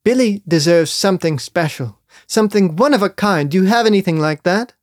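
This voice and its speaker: A man's voice: high voice, fairly quick, no room sound, studio quality, close to an everyday voice. A man voicing a male creature made of many rats, earnest and whiny, in a comic storybook. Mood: worried. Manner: earnest, whiny, cries out when upset.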